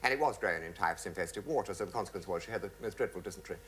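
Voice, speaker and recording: A man with a low but fairly bright voice races through comic stage anecdotes for a studio audience, and laughter rises in the background. He's theatrical, shifting into swooping voices whenever he quotes someone.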